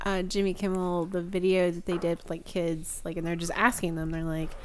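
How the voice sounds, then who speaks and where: A woman's voice: on the low side, little pitch movement, a little fast, a little hiss or hum. A woman co-hosting a podcast, telling a story casually with lots of "like" and laughter. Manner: giggly storytelling with many "like" fillers. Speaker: podcast co-host. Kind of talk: casual chat.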